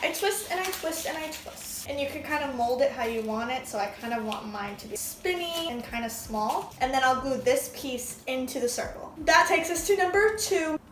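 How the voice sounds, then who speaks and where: A woman's voice: sits high, animated, normal speed, few pauses, background noise. A young woman chatting casually in a crafting vlog, gushing and enthusiastic as she talks. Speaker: vlogger. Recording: echoey room, mic at a distance.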